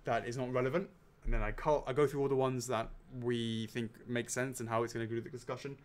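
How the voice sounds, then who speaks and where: A man's voice: mid-range voice, little pitch movement, fast talker. A man hosting a casual question and answer chat, rambling and joking as he reads out questions. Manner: rambling, jokey, laughs often. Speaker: host.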